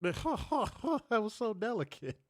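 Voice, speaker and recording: Animated, profane male podcast host. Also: high-pitched, slow pace, no room sound, clean studio sound. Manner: animated, profane, laughing often. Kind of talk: casual storytelling chat.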